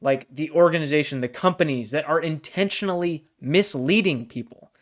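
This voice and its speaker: A man's voice: a little high, normal speed. A man co-hosting a casual book discussion podcast, blunt and exasperated, swearing freely as he pushes back. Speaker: podcast co-host.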